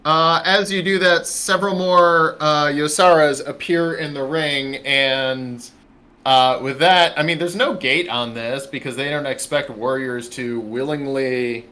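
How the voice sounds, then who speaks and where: A man's voice: a little high, steady tone, a little slow, pushed and bright. A man narrating as dungeon master for a tabletop game, loose with fillers.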